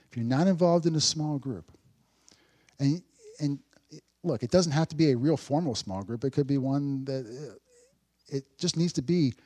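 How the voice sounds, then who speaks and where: A male pastor with a mid-range voice gives a conversational sermon laced with dry sarcasm. He swings between loud, emphatic points and hushed asides.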